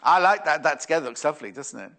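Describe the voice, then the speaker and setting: This fabric seller on a live shopping channel talks quickly in a slightly high, animated voice with a pushed, bright quality. He chats and muses aloud while reading out messages from viewers during the sales demonstration.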